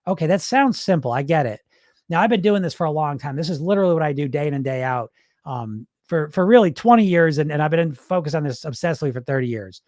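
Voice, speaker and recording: A man's voice: fairly high pitch, expressive, fast talker, a little mellow, no echo. Dry, candid middle-aged man, casual swearing. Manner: candid, swears freely, acts out his inner voices. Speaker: weight loss hypnotist, show host. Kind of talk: casual livestream talk.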